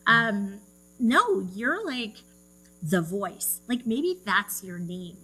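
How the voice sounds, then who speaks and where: A woman co-hosts a podcast and teases her partner in a bubbly way, saying 'like' a lot. She talks slowly with a breathy, husky voice. Faint music plays behind her. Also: fairly high pitch, sing-song, pushed and bright, low-quality recording. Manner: bubbly, teasing, lots of 'like'. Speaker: podcast co-host. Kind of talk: casual chat.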